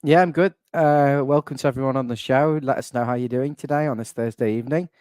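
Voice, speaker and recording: Speaking fast in an even, mid-range voice with a slightly mellow quality, a young channel admin hosts a chatty fan podcast full of wry, rambling asides. The sound is clean studio audio with no room tone.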